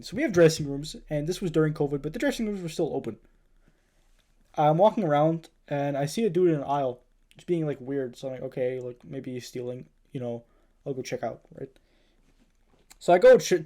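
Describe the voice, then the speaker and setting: Chatty male co-host with a higher voice. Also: dark tone. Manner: laughs easily, swears, acts out dialogue in stories. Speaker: podcast co-host. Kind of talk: casual chat.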